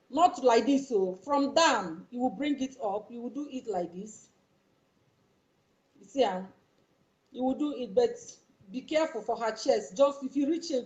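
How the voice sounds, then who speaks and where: Mellow-voiced Nigerian woman coaching viewers. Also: fairly high pitch, lo-fi sound. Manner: repetitive, coaxing, keeps checking the viewer follows. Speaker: YouTuber. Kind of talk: casual instructional demonstration.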